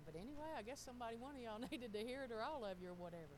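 A middle-aged woman, telling stories in a casual sermon, animated and laughing often as she talks to the congregation. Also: on the high side, racing, background noise. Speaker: pastor's wife.

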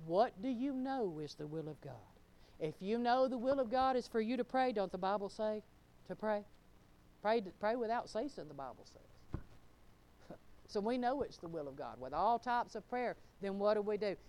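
A middle-aged woman pastor, preaching a fervent sermon that swings between loud exclamations and low, laughing asides. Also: expressive, normal speed.

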